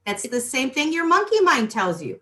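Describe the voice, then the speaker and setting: A woman's voice: high-pitched, moderate pace. A middle-aged woman hosting a spiritual talk show. She chats casually and with animation, restarting sentences and throwing asides to her listeners. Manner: chatty and animated, with lots of restarts and asides to the audience. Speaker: host.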